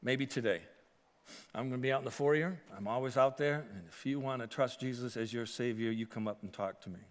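Male pastor, sermon, emphatic then hushed, mid-pitched voice, long reverb of a church hall. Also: brisk. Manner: swells from loud emphatic preaching to soft earnest appeal. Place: church sanctuary.

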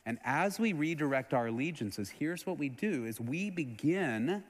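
A middle-aged man from Texas preaching a sermon as pastor, earnestly, swelling loud and then dropping low and soft. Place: church sanctuary. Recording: long hall reverb.

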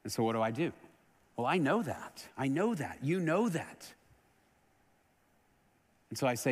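A middle-aged man from Texas preaching a sermon as pastor, earnestly, swelling loud and then dropping low and soft. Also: very animated, a little slow, long pauses, breathy edge. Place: church sanctuary. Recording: long hall reverb.

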